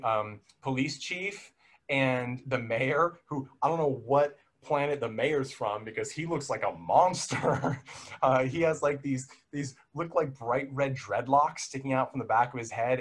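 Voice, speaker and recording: A young man recapping a film in a casual podcast chat, rambling and self-correcting, laughing now and then. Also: mid-range voice.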